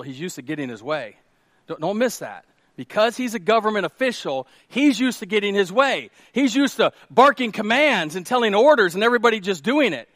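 A man, preaching a sermon with animated storytelling and questions to the congregation. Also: high voice, no echo, clean studio sound. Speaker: pastor.

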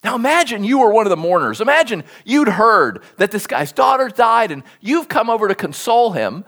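Animated preacher with swooping pitch. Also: fairly quick. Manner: animated storytelling, acts out quoted speech. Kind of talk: sermon.

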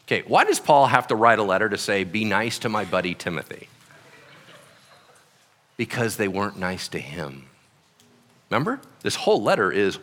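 A man's voice: medium pitch, normal speed, in a large hall. A man preaching a sermon as pastor, acting out quotes in voices. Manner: animated, acts out quotes and voices. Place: church hall.

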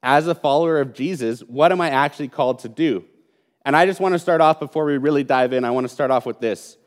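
Brief: male pastor, mid-pitched, earnest and emphatic sermon delivery. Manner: earnest, emphatic preaching with pauses and repetition.

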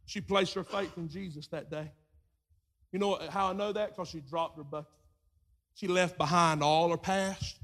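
A man preaching a sermon, moving from quiet storytelling to shouted preaching and acting out voices in his retelling. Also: a little high, fairly even intonation, moderate pace.

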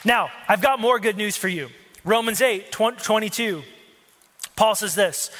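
A man's voice: high-pitched, unhurried, a bit bright, some chatter behind. A male pastor preaching a sermon in a conversational way, with asides and jokes to the congregation, recorded in a church hall. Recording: long hall reverb.

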